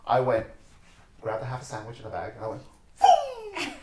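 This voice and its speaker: A dancer and teacher appearing as a podcast guest tells animated stories with passion, acting out the voices of the people in them. His voice is on the low side, steady and fast, in a roomy space with heavy background noise.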